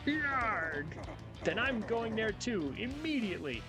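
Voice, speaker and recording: A loud, boastful turtle king villain, played by a man pushing his voice up high. He gets enraged with little push, and game music runs underneath. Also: big pitch swings, slow, heavily acted. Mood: furious. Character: blustering giant male turtle king villain. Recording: game music playing behind.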